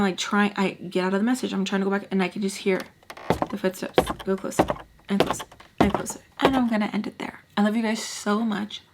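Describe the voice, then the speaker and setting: A woman's voice: mid-range voice, noisy background. A young woman telling a personal story in a casual, chatty way, often dropping to a whisper. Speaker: storytime vlogger.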